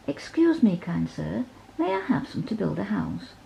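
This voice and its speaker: A woman voicing a small, stubborn young pig in a bedtime storybook, with a high, shrill, defiant voice. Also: big pitch swings, moderate pace, vocal fry, warm tone, slight background noise. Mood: polite.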